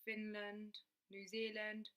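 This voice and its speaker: A woman's voice: mid-range voice, monotone, slow, fairly bright tone, clean tone. A woman chatting casually on a livestream, reading out viewer comments and laughing often. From England. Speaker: livestream host.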